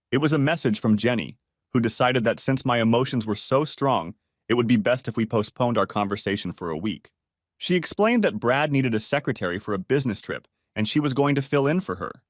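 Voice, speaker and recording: A man reading a first-person story aloud as a channel narrator, in a steady, even manner. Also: mid-range voice, dry recording, studio quality.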